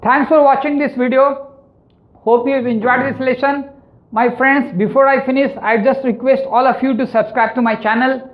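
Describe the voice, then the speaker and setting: A woman's voice: high-pitched, steady tone, moderate pace, highs cut off. A woman teaching an online grammar lesson, explaining step by step and often checking in with "right?". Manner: explanatory, tags lines with "right?". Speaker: English teacher.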